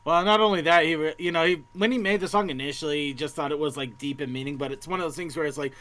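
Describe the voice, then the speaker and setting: A man co-hosting a casual online panel chat, explaining things in an animated way. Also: fairly high pitch, fast. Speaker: podcast co-host.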